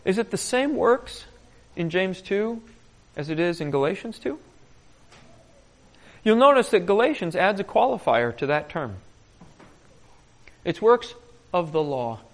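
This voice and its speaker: A man preaching in a conversational way, telling stories with animation and often clearing his throat. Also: high-pitched, normal speed, long pauses. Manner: animated storytelling. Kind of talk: conversational Bible teaching.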